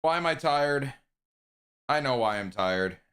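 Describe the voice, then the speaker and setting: A man's voice: mid-range voice, animated, measured pace, a bit bright, clean tone. A man live streaming a video game, chatting with his viewers in a casual, joking way and swearing freely. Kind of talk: live stream chat while gaming.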